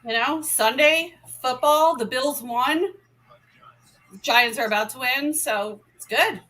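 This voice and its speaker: A woman co-hosting a podcast, excitable and playful in casual chat. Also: high voice, slow. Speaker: podcast co-host.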